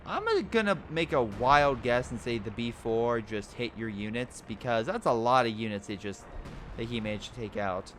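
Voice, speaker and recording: A man commentating a strategy game replay, excitable, laughing and giving units joking voices. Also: mid-range voice, normal speed. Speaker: game caster. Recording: game noise behind the voice. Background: artillery and gunfire game sounds.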